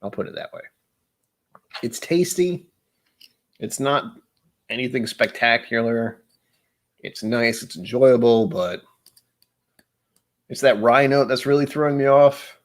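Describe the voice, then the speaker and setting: At a measured pace with long pauses, a man with a medium-pitched voice hosts a livestream and chats casually over drinks. He's rambling, jokey and self-deprecating.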